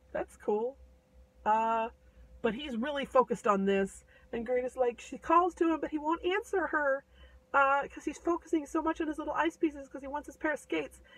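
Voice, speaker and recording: A woman retelling a fairy tale in a loose, irreverent chat with lots of fillers. Her voice sits fairly high. She is some way from the mic. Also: no echo, recorded from a distance, rough recording. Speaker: storyteller.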